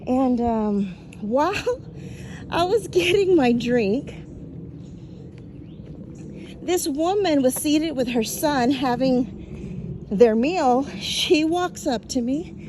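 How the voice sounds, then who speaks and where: A woman's voice: high voice, expressive, extremely slow, long pauses, noisy background. A woman from Texas, telling a personal faith story earnestly, a little out of breath. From Texas, USA. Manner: earnest, quotes people in small voices.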